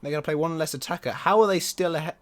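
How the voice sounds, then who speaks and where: A man commenting on his own football management game, excitable and quick to groan or yell at the match. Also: fairly high pitch. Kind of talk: let's play commentary.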